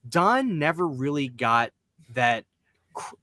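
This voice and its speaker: A man's voice: a little high, sing-song, slow pace, sharp tone, dry recording. A man hosting a podcast in casual chat, ranting bluntly and emphatically with plenty of profanity. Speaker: podcast host.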